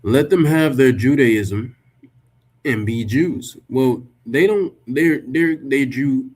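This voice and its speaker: A religious commentator reads a text aloud and rebuts it in a slow, husky, mid-range voice with a darkish tone. He speaks emphatically, swears freely and fires off rhetorical questions.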